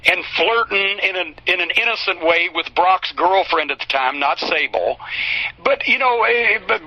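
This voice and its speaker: A man's voice: high-pitched, bright, forceful tone, dry recording. A man telling a heated, profane story in an interview. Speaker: interview guest. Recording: slightly dull, dry recording.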